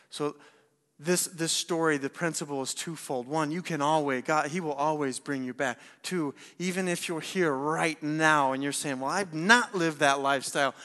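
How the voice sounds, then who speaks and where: A young man giving an energetic sermon, firing rhetorical questions and repeating words as he presses a point. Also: fairly high pitch. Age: young adult. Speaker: speaker at young adults service. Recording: long hall reverb.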